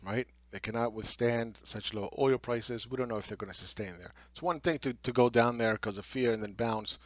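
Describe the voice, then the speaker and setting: A man delivers a blunt, sarcastic market commentary and swears freely as he mocks the views of others. His voice is recorded dry and close, with a slightly dull, muffled tone. His pitch sits at an ordinary middle level. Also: fairly quick, no echo. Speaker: market analyst.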